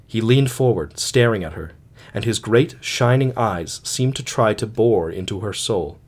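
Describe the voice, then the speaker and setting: A man's voice: fairly low pitch, animated, unhurried, a little mellow. Man reading an audiobook. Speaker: audiobook reader. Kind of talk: audiobook narration of a classic story.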